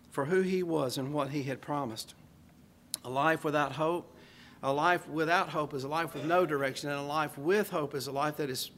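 Earnest older preacher with a slightly high voice. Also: male voice, fairly bright tone, a little hiss or hum. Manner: earnest, measured preaching with folksy asides. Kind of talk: sermon.

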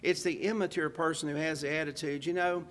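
An older man delivers a sermon, earnest and measured, dropping in homespun asides. His voice sits a touch high for a man, and a faint hiss runs under the recording. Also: steady tone, fairly bright tone. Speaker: preacher.

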